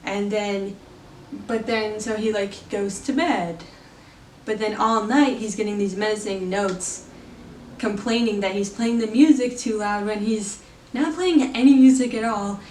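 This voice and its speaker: A woman's voice: mid-range voice, steady tone, measured pace, darkish tone, roomy sound, far from the mic, slight background noise. A woman giving a casual spoken film review, chatty and full of fillers, laughing now and then. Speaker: movie reviewer.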